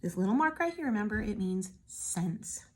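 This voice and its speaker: A woman teacher walking young children through a worksheet step by step, gentle, patient and encouraging. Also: mid-range voice, expressive, moderate pace, a little hiss or hum.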